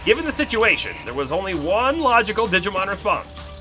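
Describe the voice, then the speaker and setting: A streamer reading the lines of a brisk, analytical detective boss in a matter-of-fact way. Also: medium pitch, sing-song, over music, natural voice.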